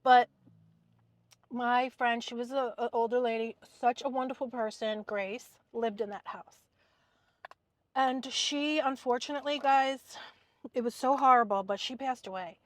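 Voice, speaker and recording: Brief: lively woman vlogger, slightly high voice, dry close sound, car storytime. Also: a little slow, no echo. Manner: animated, acts out quoted people. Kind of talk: casual storytime chat.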